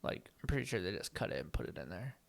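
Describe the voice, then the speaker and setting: A man co-hosting a podcast, chatting excitably with quick asides. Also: sits low, vocal fry. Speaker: podcast co-host. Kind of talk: casual podcast chat.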